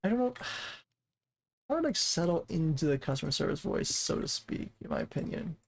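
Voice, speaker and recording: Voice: mid-range voice, fairly quick, gravelly, slight background noise, low-quality recording. Laid back streamer muttering counts n rambling while building, casual game chat. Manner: relaxed and rambling, counting blocks aloud.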